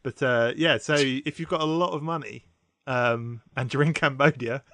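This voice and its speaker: A man co-hosts a casual podcast in a mid-range voice that's bright and forceful, at a moderate pace with slight background noise. He presents a story, giggling and laughing often as he tells it.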